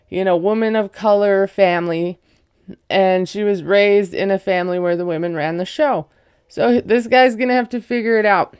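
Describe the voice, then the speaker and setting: This recap vlogger, who is also a parent, talks through a reality show episode casually and ramblingly, using lots of filler words, with "like" and "you know" coming up again and again. She has a smooth, slightly mellow voice of medium pitch.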